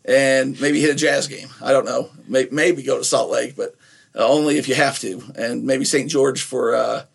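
A middle-aged man from Nephi, Utah, talks in a loose, rambling way, full of restarts and fillers. His voice has a gravelly, fried edge at a medium pitch. He co-hosts a podcast as a casual chat. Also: fairly even intonation, normal speed. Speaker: podcast co-host.

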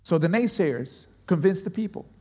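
A man preaching a sermon as pastor, telling a story in an animated way and often repeating words as he builds a point. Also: high voice, normal speed, big-room sound.

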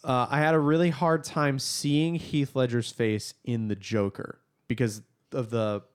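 A young man hosting a movie podcast, chatting casually in an animated, rambling way. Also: medium pitch, unhurried, smooth. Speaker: podcast host. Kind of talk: casual chat.

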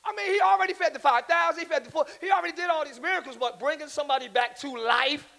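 A man preaching a live church sermon, swinging from quiet asides into shouting, calling on the congregation to repeat after him and joking with them. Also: very high-pitched, fast, gravelly. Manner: preaches with rising shouts and audience call-and-response. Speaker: pastor. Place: large church hall with congregation.

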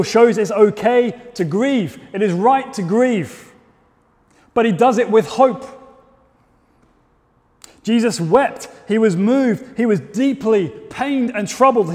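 A man preaching a sermon, telling the story in a measured way and rising to loud, emphatic peaks. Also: high-pitched. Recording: long hall reverb.

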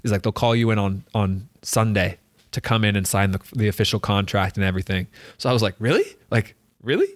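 Rambling through a personal story in casual conversation, this young soccer player says "like" constantly and acts out quoted dialogue. He talks fast in a fairly low voice with little pitch movement, and there's no echo.

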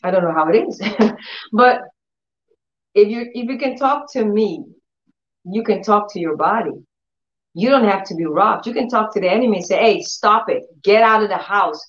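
Animated woman preacher, roomy sound. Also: mid-range voice, muffled recording. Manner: animated storytelling, acts out dialogue in changed voices. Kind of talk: faith-healing sermon.

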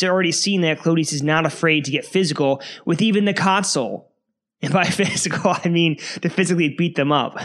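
Male podcast host, casual history narration, amused and animated, slightly higher voice. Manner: animated, laughs often, amused storytelling.

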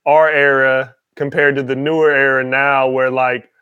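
A man hosting a casual interview, relaxed and slangy, giving lots of listening sounds. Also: mid-range voice, normal speed, clean tone, no room sound, phone-quality sound. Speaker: interview host.

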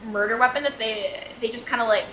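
Sweary woman host, bright voice. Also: fairly high pitch, fairly quick, slight background noise. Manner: loose, sweary, heavy on "like". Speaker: podcast host. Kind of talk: casual chat. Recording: echoey room.

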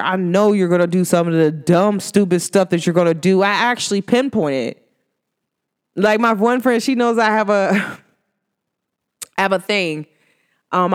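In a smooth voice, a woman vlogger runs through a relaxed, slang-heavy motivational monologue. She breaks into laughter frequently and swoops upward in pitch when excited.

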